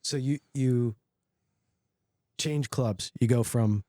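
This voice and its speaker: A man interviews his guest with a mellow, mid-pitched voice, often stopping and restarting his questions and chiming in with quick agreement. The sound is dry and close. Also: dry recording. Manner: halting questions with frequent restarts and short agreeing replies. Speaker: interview host. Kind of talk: casual interview.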